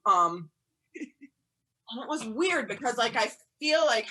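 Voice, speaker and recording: A woman doing stand-up from home over a video call, rambling and chatty with lots of "like", breaking into loud yelled quotes. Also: fairly high pitch, big pitch swings, measured pace, pauses often, breathy edge. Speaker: stand-up comedian.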